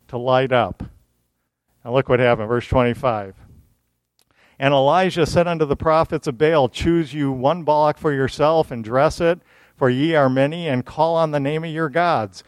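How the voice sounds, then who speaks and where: A man preaching a sermon in a fairly high voice, reading scripture and then explaining it plainly. The sound is dry and close, with no room echo. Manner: mocking, animated asides.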